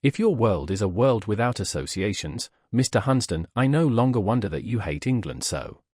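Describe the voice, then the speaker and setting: A man reading the part of a proud, fiery young Swiss woman teacher in an audiobook, earnest and quick to indignation. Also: lowish voice, sing-song, a little mellow, husky, no room sound, clean studio sound.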